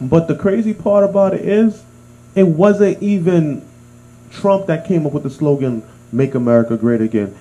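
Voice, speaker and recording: A man's voice: a little high, moderate pace, rough recording. A man co-hosting a casual chat among friends, telling a story and acting out the lines of the people in it. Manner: animated storyteller, acts out quotes. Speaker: podcast co-host.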